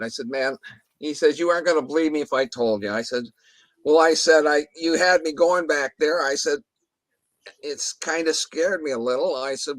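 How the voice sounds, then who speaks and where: A man's voice: on the high side, normal speed, dry recording. Rambling man spinning a spooky tale. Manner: rambling, restarts, mild swearing, quotes dialogue. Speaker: guest telling an encounter story. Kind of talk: casual storytelling interview.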